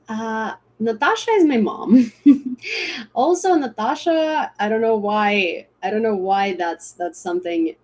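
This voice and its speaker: A woman's voice: medium pitch, darkish tone. Young woman streamer from Ukraine, rambling, filler-heavy casual chat. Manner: rambling, many fillers and restarts. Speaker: livestream host.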